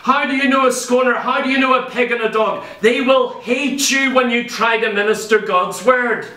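High, bright-voiced preacher in an echoey hall. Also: male voice, fairly even intonation, normal speed. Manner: emphatic, fires rhetorical questions, acts out quoted voices. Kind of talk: sermon. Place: church hall. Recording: echoey church hall, voice from far off.

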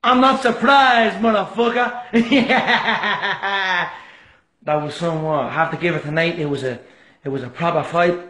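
A man's voice: sits high, measured pace, pauses often, bright, forceful tone, echoey room. A man impersonating a brash, boastful male fighter who swears and trash-talks. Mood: cocky.

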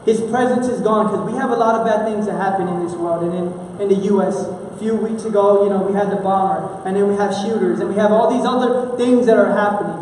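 A man's voice: sits high, steady tone, fast, few pauses, a little mellow, slight background noise. A man from Houston, preaching a sermon in an earnest, conversational way, often restarting his sentences. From Houston, Texas. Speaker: pastor. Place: church. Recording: echoey church hall, mic far off.

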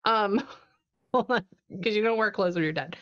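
A woman psychic medium in a casual one-on-one reading, chatty and animated as she retells what she hears. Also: mid-range voice, moderate pace, muffled recording.

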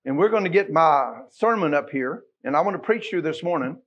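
A Texan-accented pastor delivers a folksy sermon with joking asides, his voice a touch husky and fairly high for a man. The sound is dull and lo-fi, like a church livestream. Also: expressive, brisk.

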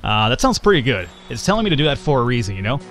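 Man, let's-play commentary, jokey, chatty, mid pitch, faint music behind. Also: sing-song, very fast, fairly bright tone. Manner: jokey, chatty, reads game text aloud. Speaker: gaming channel host.

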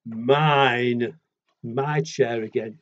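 A man voicing a big, grumpy, possessive picture-book animal that talks slowly and loudly. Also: medium pitch, fairly even intonation, muffled recording, pitched below the performer's own voice. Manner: loud, slow and blustering.

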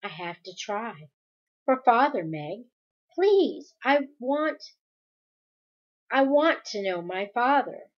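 A woman's voice: a little high, sing-song, slow pace, pauses often, dull audio, exaggerated voice. A woman reading aloud and voicing a precocious little boy who speaks in an earnest, grown-up way. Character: small boy, precocious and earnest, later eerily flat.

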